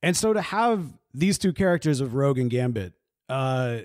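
A man's voice: mid-range voice, animated, moderate pace, no room sound, studio quality. A man in his thirties who grew up in the American South, talking through a cartoon episode in an earnest, emotional, rambling way with many asides. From Southern US, grew up in Mississippi. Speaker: video creator reacting to a cartoon episode. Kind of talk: casual reaction monologue.

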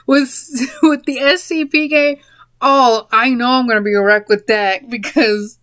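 A woman's voice: mid-range voice, normal speed, a bit bright, dry recording. A woman in a casual spoken monologue, rambling a little and breaking into giggles mid-sentence. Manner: rambling, with fillers and restarts. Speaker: vlogger.

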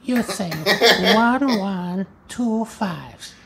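A literal-minded cartoon housekeeper speaks in halting broken English. She drags every word out very slowly at a middling pitch. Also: vocal fry, a crowd in the background. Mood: deadpan. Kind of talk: cartoon sitcom voice acting.

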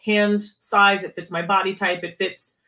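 Woman guest, keytar player, casual talk, lively swoops on key words. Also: mid-range voice, a little slow. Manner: animated, swooping emphasis. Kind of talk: casual chat.

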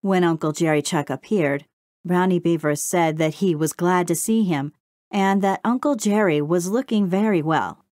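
Brief: woman audiobook narrator, lower pitch, dry close sound. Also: moderate pace, darkish tone, no echo. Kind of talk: scripted storybook narration.

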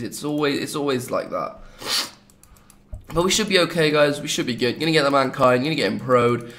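A young Englishman with an English accent hosts a gaming video, rambling casually through gameplay commentary with jokey asides. His voice sits at medium pitch and moderate pace.

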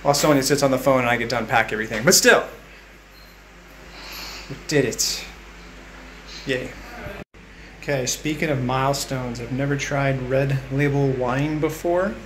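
A man's voice: medium pitch, moderate pace, pauses often, a little hiss or hum, low-quality recording. A man hosting a casual vlog, talking in a wry, playful, teasing way. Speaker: vlog host. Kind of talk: casual joking vlog narration.

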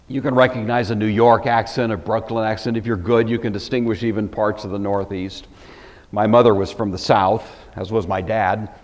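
A man's voice: on the low side, a little mellow, in a large hall. A man from the Pacific Northwest giving a Bible study lecture, emphatic and wry, with conversational asides. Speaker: Bible teacher.

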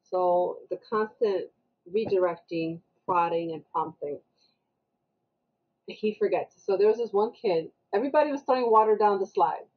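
A woman guest on a podcast, telling a story in a casual, animated way and acting out the people in it. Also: medium pitch, normal speed, lo-fi sound. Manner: animated, acts out the people she quotes.

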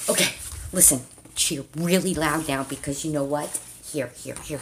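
A woman's voice: deep voice, moderate pace, a little hiss or hum. A woman chatting casually to her viewers as she plays a scratch-off card, with mild cursing. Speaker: vlogger.

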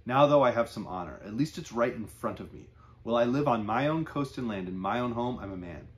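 A man's voice: mid-range voice, lively intonation, fairly quick, natural voice. A man reading as Araz, a defiant proud fisherman. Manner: firm, impassioned declaring.

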